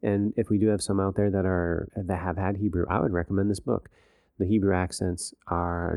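A man's voice: deep voice, mellow, dry recording, studio quality. A man in a casual podcast chat, explaining things patiently like a teacher.

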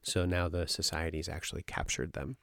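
A man's voice: sits low, moderate pace, creaky, no room sound, studio quality. A man casually retelling and discussing a novel with friends, rambling with fillers. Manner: rambling, animated summarizing with filler words. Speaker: book club member.

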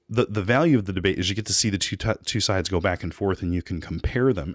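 A man's voice: deep voice, dry recording, studio quality. A man co-hosting a podcast, talking casually and reviewing a debate, with frequent restarts and asides. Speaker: podcast co-host.

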